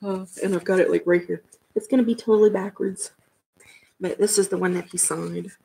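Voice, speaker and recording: A woman's voice: medium pitch, steady tone, brisk, creaky, dark tone, a little hiss or hum, low-quality recording. A woman hosting a casual livestream chat from home, rambling and laughing often as she talks to viewers. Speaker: livestream host.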